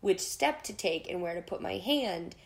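A woman's voice: fairly low pitch, expressive, moderate pace. A woman hosting a podcast, telling a personal story in a candid, casual way, swearing freely and acting out her own panic in quoted lines. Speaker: podcast host.

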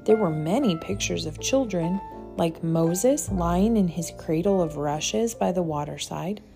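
A woman narrating a children's audiobook in a gentle, measured storytelling manner. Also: lowish voice, vocal fry, music in the background. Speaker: audiobook reader.

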